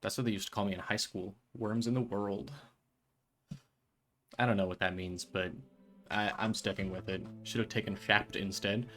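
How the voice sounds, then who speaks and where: A man playing a video game on stream chats in a rambling, joking manner, fumbling his words and bursting into loud excitement. His voice is low-pitched and his pace a little fast.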